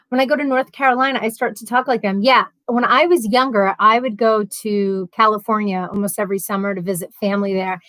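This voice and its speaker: A woman's voice: a little high, fairly quick, few pauses, a bit bright, no room sound. A woman with a New York accent chatting casually as a livestream host, reading chat messages aloud and rambling with frequent laughs.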